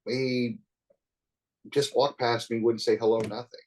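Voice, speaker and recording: A man's voice: mid-range voice, level tone, a little slow, a little mellow, rough recording. A man in his sixties telling stories in a casual, rambling way as a podcast guest, often chuckling and saying "you know". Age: 60s. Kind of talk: casual storytelling.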